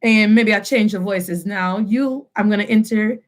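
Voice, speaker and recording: A woman in her thirties teaching a lively online language lesson to students, mixing English and Spanish and repeating phrases as drills. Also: mid-range voice, measured pace. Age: 30s.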